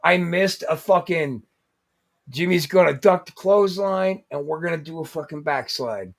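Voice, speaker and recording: A man telling a wild story in casual podcast chat, profane and animated. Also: fairly high pitch, normal speed, vocal fry. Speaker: podcast co-host.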